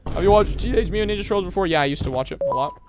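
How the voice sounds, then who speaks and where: A young man from America streaming a horror game live, shouting bursts of hype and muttering asides to chat. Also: high voice, lively intonation, racing, noisy background.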